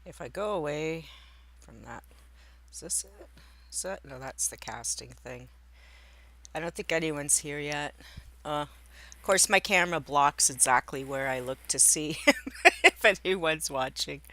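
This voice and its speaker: A woman's voice: sits low, measured pace, long pauses, pushed and bright. A woman streaming live from home, chatting casually and rambling to herself as she sets up, often breaking off mid-sentence. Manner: rambling, self-interrupting, talking to herself while setting up. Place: indoors at home by a window.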